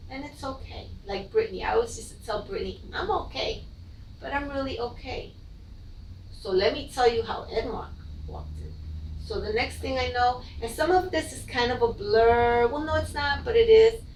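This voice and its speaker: A middle-aged woman, a mother, gives an emotional, halting personal account of her child's death, often repeating her words. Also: a little high, a little mellow, a little hiss or hum. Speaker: bereaved mother telling her story. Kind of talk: personal testimony. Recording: echoey room, from a distance.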